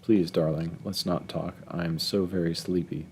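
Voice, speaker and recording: A man's voice: low voice, fairly even intonation, unhurried, darkish tone, a little hiss or hum. A man reading aloud, voicing a cool, sweetly mocking wealthy wife in an audiobook story.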